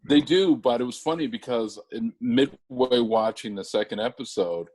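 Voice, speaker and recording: A man's voice: mid-range voice, normal speed, a little mellow. An American man co-hosting a casual podcast, thinking aloud with restarts. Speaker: podcast co-host. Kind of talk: casual chat.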